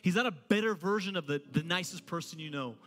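Male pastor, sermon delivery, playful and animated, slightly high voice, echoing hall with soft music beneath. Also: fast talker. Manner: joking, animated preaching. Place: church auditorium. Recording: reverberant hall with faint music.

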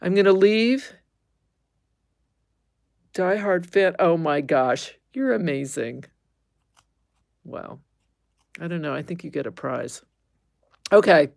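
Chatty craft lady on a livestream, kinda gravelly, slow talker, laughs a lot. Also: fairly low pitch, lively intonation, a little mellow, dry recording, clean studio sound. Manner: chatty, easily amused, squeamish exclamations. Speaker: livestream host. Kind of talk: casual livestream chat.

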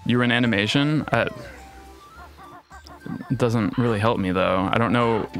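A young man talks through a game run in loose, profanity-laced chatter, quick to joke and quick to flare up. His voice sits in a middle range, with game music playing faintly behind him. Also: medium pitch. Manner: profane, excitable, jokey. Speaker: streamer. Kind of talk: casual gameplay commentary.

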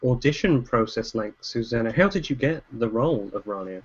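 A man's voice: mid-range voice, lively intonation, a little fast, husky, lo-fi sound. A man hosting a casual interview, asking questions hesitantly with fillers. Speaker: host asking the guest questions. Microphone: video call.

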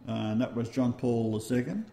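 Gravelly Australian man hosting a talk show. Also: medium pitch, mellow, roomy sound. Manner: rambling, halting delivery. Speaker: radio show host. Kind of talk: casual talk-radio chat.

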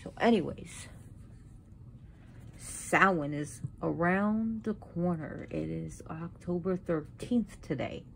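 A woman with a low, unhurried voice talks through old myths at home, drifting off topic and catching herself. A faint hum of room ambience sits behind her. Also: vocal fry. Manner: rambling, self-correcting, with sudden outbursts. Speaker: pagan video host. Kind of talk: casual talk about mythology while arranging an altar.

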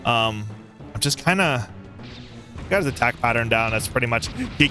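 A young man giving let's play commentary on a boss fight, excitable and taunting the enemy. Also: mid-range voice, moderate pace, faint music behind. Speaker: gaming YouTuber.

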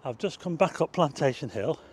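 A man's voice: fairly high pitch, expressive, fairly quick, a little hiss or hum. A man narrating a casual walking tour, chatting to his viewers and exclaiming at what he sees. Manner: chatty, addresses viewers as folks, exclaims at sights. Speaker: travel vlogger. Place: outdoors on town streets.

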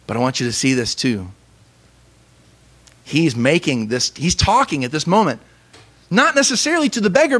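A young man, a pastor, giving an earnest sermon with emphatic pauses. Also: on the high side, a bit bright, husky.

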